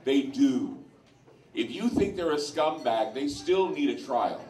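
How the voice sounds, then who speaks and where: A man's voice: mid-range voice, lively intonation, slow pace, darkish tone. Male host, blunt and opinionated, addressing a lounge crowd; echoey, distant room sound. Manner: blunt, opinionated, with crude asides. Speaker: radio host speaking to a live audience. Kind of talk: informal talk to a bar crowd. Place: sports lounge in front of an audience. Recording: echoey room, voice far from mic.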